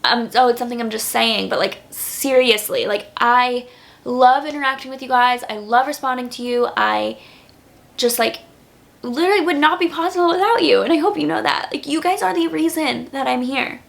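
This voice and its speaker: A woman's voice: sits high, normal speed, creaky. A young woman in her twenties talking casually to camera as a YouTuber, earnest and grateful, with lots of "like" fillers. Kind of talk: casual vlog talk to camera.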